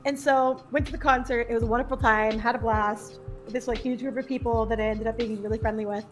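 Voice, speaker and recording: A bubbly young woman with a high voice tells stories on a podcast, giggling as she goes and acting out what other people said. Soft music plays faintly behind her. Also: fairly even intonation, fairly quick. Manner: bubbly, giggly, acts out quotes in a higher voice. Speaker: podcast guest. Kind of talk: casual storytelling chat.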